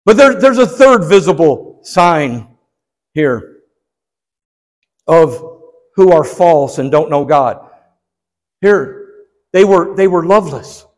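A man's voice: fairly high pitch, animated, slow, long pauses, in a large hall. A man preaching a sermon as pastor, swinging his emphasis up and down and putting rhetorical questions to the congregation.

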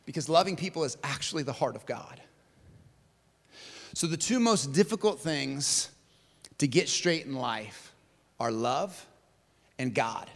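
A man preaching a sermon in a large church hall, telling stories with big swings in loudness and pitch. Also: animated, measured pace, long pauses. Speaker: pastor. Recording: long hall reverb.

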